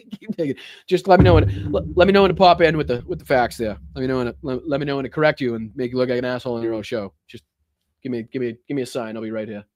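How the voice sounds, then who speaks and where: A man's voice: mid-range voice, fast talker, darkish tone, no room sound. A man hosting a political livestream, reacting to clips with heated, profane, mocking commentary. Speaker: political talk show host.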